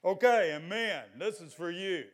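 An older man preaching a sermon in a folksy, exhorting way, at times breaking into loud shouts. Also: high-pitched, moderate pace.

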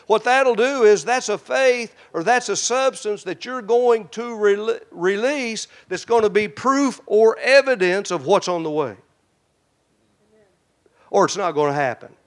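A man preaching a sermon in a folksy way, talking straight to his congregation and swinging between loud, emphatic lines and hushed, prayerful ones. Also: sits high, expressive, unhurried. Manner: folksy, addresses the congregation directly.

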